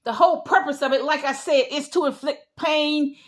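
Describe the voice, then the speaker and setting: A woman's voice: high voice, steady tone, normal speed. A middle-aged woman giving an emphatic opinion monologue, repeating her points in a lecturing way. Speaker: vlogger.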